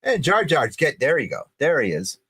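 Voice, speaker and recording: A middle-aged man hosting a podcast live stream, excitable and rambling, with lots of restarts. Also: fairly high pitch, normal speed, over loud music. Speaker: podcast host. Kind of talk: casual live-stream chat.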